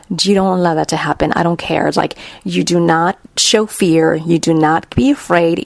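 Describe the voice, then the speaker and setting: Blunt, gravelly-voiced woman telling a story. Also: lowish voice, dry recording. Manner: blunt and profane, quotes herself and others in lively bursts. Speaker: podcast host. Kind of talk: casual storytelling monologue.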